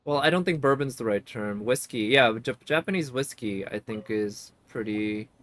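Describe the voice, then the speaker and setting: A man's voice: medium pitch, lively intonation, normal speed, fairly bright tone, a little hiss or hum. Chatty man streaming a game. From United States. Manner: chatty, laughs often, thinks aloud. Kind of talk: casual gameplay commentary.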